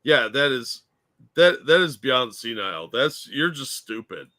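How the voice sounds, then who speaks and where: Bright sharp-voiced guy talking politics, mocking and blunt, dry sound. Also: medium pitch, lively intonation, measured pace, no room sound. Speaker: co-host. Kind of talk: casual political chat.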